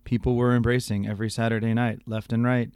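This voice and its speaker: A man doing an impression of an older male radio storyteller, reading in a low, slow, deadpan way very close to the microphone. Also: clean tone, dry recording, lightly acted. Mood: self-pitying.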